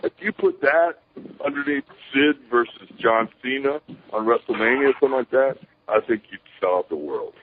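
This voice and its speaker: An interview guest with an animated, medium-pitched voice rambles through stories at a moderate pace, heard over a tinny phone line with a little hiss or hum. He swears casually and performs the voices of those he quotes.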